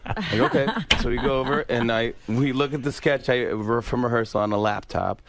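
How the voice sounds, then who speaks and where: A man's voice: mid-range voice, brisk, gravelly, noisy background. A man, a guest on a radio show, telling a story and acting out the lines of the people in it. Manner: animated storyteller who acts out the dialogue. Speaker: talk show host guest. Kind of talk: telling an anecdote on a radio interview.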